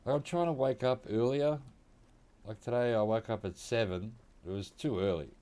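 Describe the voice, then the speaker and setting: A man's voice: medium pitch, moderate pace, mellow. An Australian man streaming from home, giving laid-back, rambling gameplay commentary and chuckling often. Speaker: game streamer.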